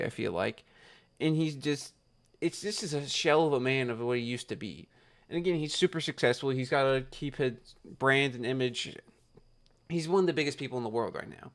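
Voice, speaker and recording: A young man with a gravelly, creaky voice rants into his camera late at night. He rambles, gets worked up and swears freely, talking casually to his viewers. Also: medium pitch. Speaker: YouTuber.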